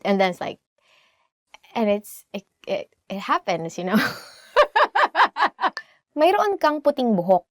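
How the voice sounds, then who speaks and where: A young woman with a Filipino accent hosting a casual language lesson, chatty and laughing often, repeating phrases slowly. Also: mid-range voice, big pitch swings, no echo, studio quality. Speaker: language teacher host.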